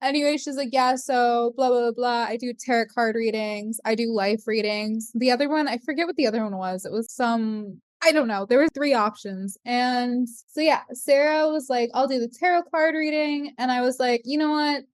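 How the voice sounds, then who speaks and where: A young woman with a high voice tells a story on her podcast in lively casual chat. She jumps way up in pitch whenever she acts out what someone said. The sound is dry and close. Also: normal speed, few pauses, dry recording. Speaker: podcast host.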